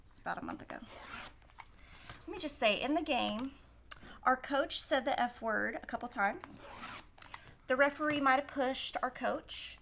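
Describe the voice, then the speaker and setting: A woman's voice: high voice, moderate pace, pauses often, fairly bright tone, slight background noise. A middle-aged woman hosting a quilting livestream, chatting and telling stories while she cuts fabric and thinks aloud through the math. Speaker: quilting show host. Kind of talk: casual chat while cutting fabric.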